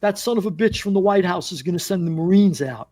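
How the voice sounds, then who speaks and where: A man with a fairly high voice tells a story as a podcast guest. He is animated and acts out the quotes as he goes. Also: fast. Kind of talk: casual storytelling.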